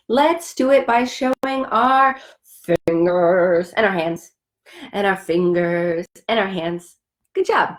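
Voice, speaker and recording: A young woman hosting a children's story time, speaking in a slow, sing-song, exaggerated way for young kids. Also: mid-range voice, big pitch swings. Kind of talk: children's sing-along lesson.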